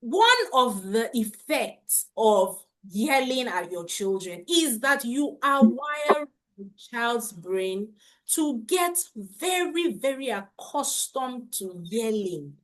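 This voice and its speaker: Hosting a live parenting webinar, this middle-aged coach talks at a relaxed, slow pace. Her voice is a little high and a bit bright with big swings in pitch, and she repeats her points while often prompting the audience to confirm in the chat.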